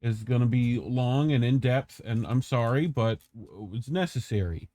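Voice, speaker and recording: A man co-hosting a podcast, riffing on the news with quick jokes and the odd curse. His voice sits at a middling pitch, recorded close and dry with no room sound. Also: dark tone, dry recording. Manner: joking, quick asides, swears. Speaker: podcast co-host. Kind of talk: casual commentary.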